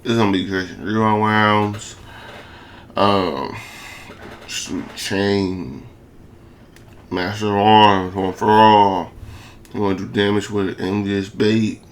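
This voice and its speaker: Slight background noise accompanies a young male gaming video creator as he commentates casually on a game. He has a lowish voice with fairly even intonation and speaks slowly, with long pauses. His excited, slangy talk is slurred, lisped and repetitive.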